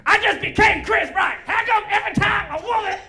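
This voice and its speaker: Man doing a loud ranting comic impression. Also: very high voice, fairly quick, some chatter behind, voice pushed up, full character voice. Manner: shouting, indignant. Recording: live show with audience laughter.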